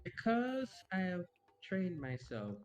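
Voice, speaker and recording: A man's voice: wildly swooping pitch, takes it slowly, highs cut off. A man streaming a game, telling a long personal story in a rambling way, repeating and restarting phrases, and swearing casually. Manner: bursts out louder and higher at the game. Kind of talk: casual storytelling while gaming. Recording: roomy echo with loud music.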